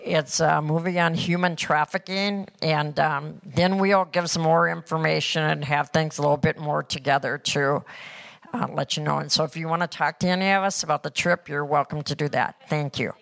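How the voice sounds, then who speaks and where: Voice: mid-range voice, fairly even intonation, normal speed, creaky, fairly bright tone. A person reporting on a church mission trip, talking earnestly and rambling with many fillers. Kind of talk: casual church talk.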